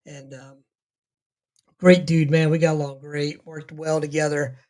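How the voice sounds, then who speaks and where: A man's voice: on the high side, level tone, a little slow, a little mellow. Blunt man in casual podcast chat. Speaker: podcast co-host.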